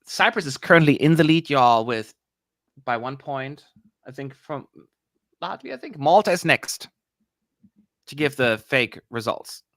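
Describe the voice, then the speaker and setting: A man co-hosting a live watch-along stream, chatting excitably and grumbling aloud as he tracks what is on screen. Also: mid-range voice, measured pace, pauses often, no echo, studio quality. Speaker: livestream co-host.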